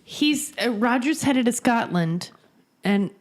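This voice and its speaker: A woman's voice: a little high, lively intonation, takes it slowly. Chatty woman podcast co-host. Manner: chatty storyteller, many "like" fillers. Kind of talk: casual chat.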